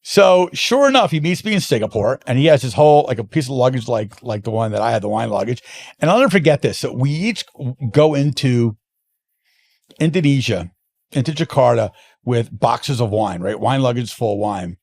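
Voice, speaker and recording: Man, gravelly voice, medium pitch, casual interview guest, animated storytelling. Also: normal speed. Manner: animated anecdotes with frequent restarts. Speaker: guest, wine importer.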